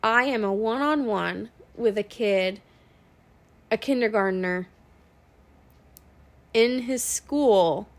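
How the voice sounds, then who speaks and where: A woman's voice: on the high side, slow pace, long pauses. A young woman, a working mother, talking in a blunt, profane, venting monologue. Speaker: working mom podcaster. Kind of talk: casual monologue.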